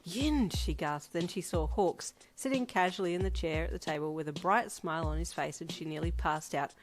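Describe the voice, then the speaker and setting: A woman narrating a fan fiction audiobook in an even, steady storytelling voice. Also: low voice, fairly quick, background noise. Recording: music playing underneath. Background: background music.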